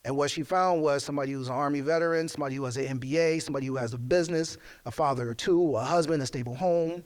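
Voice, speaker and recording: A man's voice: a little high, racing. A man speaking as a guest at a live podcast show, sharing a personal story in an earnest, reflective way. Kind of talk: personal testimony. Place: live show venue with audience.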